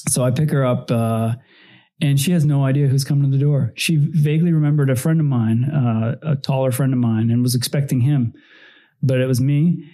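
Animated man in his forties telling stories as a podcast guest; warm, mellow mid-range voice. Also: medium pitch, brisk. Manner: animated, laughing, acts out quotes. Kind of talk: casual storytelling chat.

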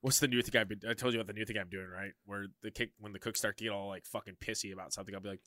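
A man's voice: lowish voice, fairly even intonation, very fast, sharp tone, dry recording. A man co-hosting a podcast, rambling and swearing in casual banter, laughing often.

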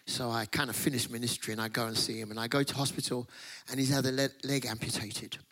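A man preaching a Pentecostal-style sermon to a conference audience, impassioned, sometimes shouting and half-singing his phrases. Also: medium pitch, flat delivery, fast talker. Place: conference hall.

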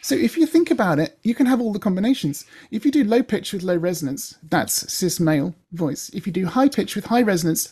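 Mellow husky woman voice coach. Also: lowish voice. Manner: chatty, explains with examples and demonstrates sounds. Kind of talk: explanatory chat with demonstrations.

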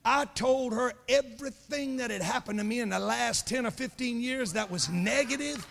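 A man preaching a sermon in a church, telling a story and building to passionate shouting. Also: extremely high pitch, normal speed, vocal fry, big-room sound, slight background noise.

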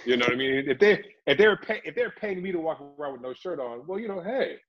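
A man's voice: a little high, animated, quick pace, muffled recording, soft background music. A middle-aged man, an actor, chatting animatedly in an interview and slipping into voices as he tells stories. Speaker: actor and guest. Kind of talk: casual interview storytelling.

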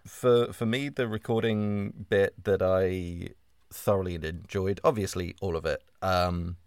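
A man's voice: sits low, steady tone, a little slow, clear, resonant tone, no room sound, clean studio sound. A man, a voice actor, chatting casually in a cast Q&A and rambling through his thoughts. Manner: rambling, trails off and restarts. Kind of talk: casual chat.

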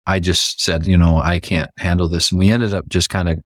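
Deep-voiced man telling his story. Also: fairly quick, no room sound, studio quality. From Canada. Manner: animated, acts out quoted lines with pitch jumps. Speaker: guest. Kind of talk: storytelling in a podcast interview.

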